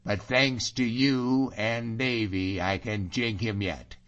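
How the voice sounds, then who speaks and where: A man doing a hearty, mocking Highlander. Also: steady tone, takes it slowly, fairly bright tone. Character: bold wily Scottish Highlander, middle-aged man. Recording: dull lo-fi audiobook recording.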